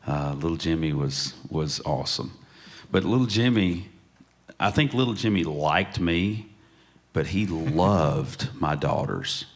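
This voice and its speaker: A man telling lively stories as a panel guest on a museum stage, often laughing as he gets to the punchline. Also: extremely low pitch, unhurried. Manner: storytelling, laughs through punchlines. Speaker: panel guest, country singer. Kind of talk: animated anecdote telling.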